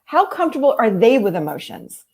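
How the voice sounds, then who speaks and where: A woman therapist and life coach talks through her ideas in an easy conversational way. Her voice sits a little high for a woman, and she tells stories with energy, slipping into the voices of the people she quotes. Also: fairly quick. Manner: animated storytelling, acting out quoted voices. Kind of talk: conversational explaining.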